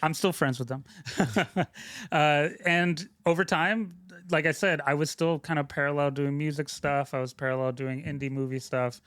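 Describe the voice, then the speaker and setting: A man's voice: a little high, fairly even intonation, moderate pace, fairly bright tone, clear, resonant tone, dry recording, studio quality. A young adult man telling stories about his career in casual interview talk, loose and rambling, with lots of fillers and restarts. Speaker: guest, film sound mixer.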